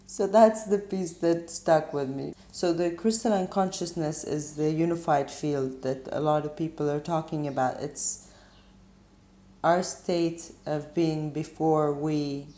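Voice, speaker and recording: A woman giving a spiritual tarot reading, musing gently and pausing often with ums as she talks. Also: low voice, fairly even intonation, reverberant. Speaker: tarot reader.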